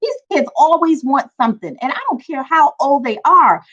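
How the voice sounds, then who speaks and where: A woman's voice: sits high, expressive, moderate pace, a bit bright, muffled recording. A woman in her forties hosting a casual live stream, chatting with viewers and greeting them by name. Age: 40s. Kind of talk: casual chat. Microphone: phone or webcam on a live stream.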